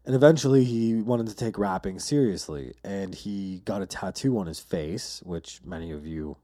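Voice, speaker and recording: Male podcast host, loose profane storyteller, low-ish warm tone. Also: lively intonation, normal speed. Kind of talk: casual solo podcast monologue.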